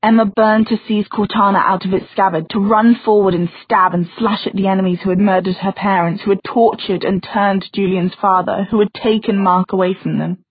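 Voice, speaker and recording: A woman narrates a fantasy novel with steady, even pacing. Her voice is slightly husky and sits at a middle pitch. The sound is dry and narrow, like it came through a phone line. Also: a little fast, hardly any pauses, dry recording. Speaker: audiobook narrator.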